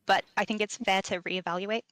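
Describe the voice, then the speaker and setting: Hesitant measured woman on a call. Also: medium pitch, fairly even intonation, fairly bright tone, no echo. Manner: hesitant, measured, many fillers. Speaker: guest on a debate stream. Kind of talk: casual discussion.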